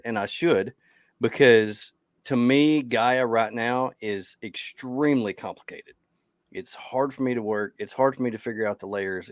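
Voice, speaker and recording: A man's voice: medium pitch, dry recording, studio quality. A tired man co-hosting a podcast, chatting casually and rambling as he loses his train of thought. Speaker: podcast co-host.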